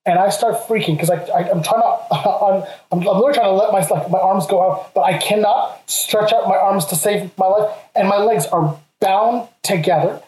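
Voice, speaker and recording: Lively man telling a funny story. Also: sits high, normal speed, hardly any pauses. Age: 30s. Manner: lively, laughs through his own story. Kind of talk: comedic personal storytelling. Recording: roomy echo.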